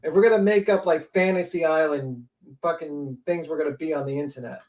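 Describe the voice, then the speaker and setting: A high-pitched man holds court on a livestream panel, venting with heavy cursing and mocking sarcasm. His voice rings with the echo of the room he records in. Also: fairly quick, darkish tone. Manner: profane, ranting, sarcastic. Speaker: panel host. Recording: roomy echo.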